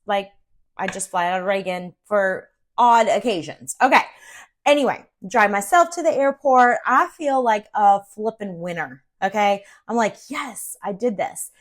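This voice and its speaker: A middle-aged woman from Central Virginia, a real estate agent, telling a personal story in a chatty, animated way with plenty of fillers. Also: mid-range voice, unhurried. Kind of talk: casual storytelling vlog.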